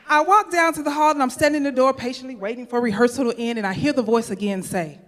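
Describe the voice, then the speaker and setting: A woman's voice: mid-range voice, brisk. Chatty woman telling a story in a reverberant hall. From St. Louis, USA. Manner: chatty, addresses the audience directly. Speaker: storyteller, speaker. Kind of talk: live personal storytelling. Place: event venue stage.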